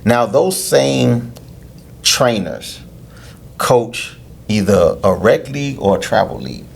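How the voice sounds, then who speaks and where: A man, a youth lacrosse coach, explaining things in a casual interview with drawn-out hesitations. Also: mid-range voice, lively intonation, gravelly, a little hiss or hum. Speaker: head coach of a youth lacrosse team, podcast guest.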